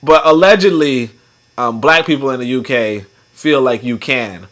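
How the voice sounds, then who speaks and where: A man's voice: medium pitch, moderate pace, a bit bright. A man hosting a casual talk show, rambling and joking as he reads comments and articles, laughing often and acting out other people's voices. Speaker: podcast host.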